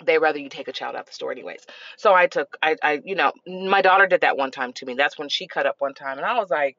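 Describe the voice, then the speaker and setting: A middle-aged woman hosting a parenting podcast, telling stories in a casual, animated way with frequent laughter. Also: sits low, fast, few pauses, dry recording, dull audio. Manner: animated, expressive, laughs often. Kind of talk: casual storytelling.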